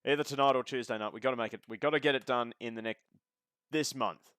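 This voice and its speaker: A man's voice: mid-range voice, fast talker, a bit bright, clear, resonant tone, no room sound, clean studio sound. A man giving casual live sim racing commentary as host of the stream, chatty and joking with the viewers. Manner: chatty, joking, talks to chat.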